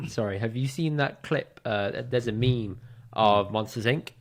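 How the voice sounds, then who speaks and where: A man's voice: medium pitch, measured pace. A man, co-hosting a podcast in casual chat, blunt and joking as he lays out advice point by point. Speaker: podcast co-host.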